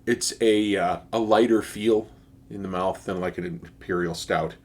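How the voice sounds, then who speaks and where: A man's voice: low-pitched, steady tone, measured pace. A man giving a casual, enthusiastic beer tasting review, speaking with frequent fillers and restarts.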